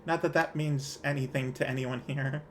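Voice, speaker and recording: A man's voice: mid-range voice, fairly even intonation, normal speed, a bit bright, slight background noise. A man streaming a game, chatting casually in a rambling way and laughing at his own jokes.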